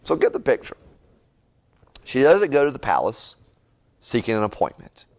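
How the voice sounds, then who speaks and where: A man's voice: mid-range voice, moderate pace. A middle-aged male pastor, teaching a conversational Bible-study sermon in a folksy, repetitive way. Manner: animated, folksy, repeats words and asks "right?".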